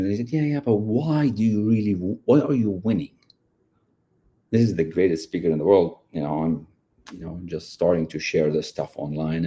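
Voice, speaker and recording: Deep-voiced male coach, earnest motivational talk, repeats points directly to the viewer. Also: dark tone. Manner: earnest, repetitive, addresses listener directly.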